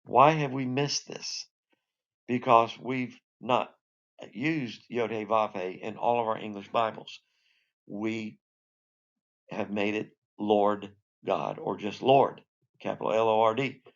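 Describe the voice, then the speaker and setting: A man's voice: on the low side, slow, gravelly, dull audio. A man teaching a recorded Bible lesson, explaining in a conversational way with asides. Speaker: Sunday school teacher.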